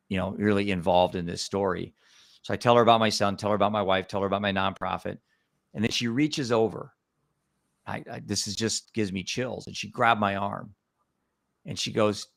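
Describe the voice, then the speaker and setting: Earnest low gravelly man telling a story. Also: fairly bright tone, no room sound, clean studio sound. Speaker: guest. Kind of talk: storytelling in a conversation.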